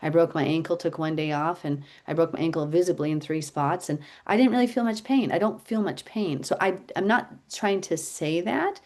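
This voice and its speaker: A middle-aged woman leading a casual Bible teaching chat, telling stories in an animated, chatty way. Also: deep voice, normal speed, few pauses. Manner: chatty, animated storytelling, laughs often.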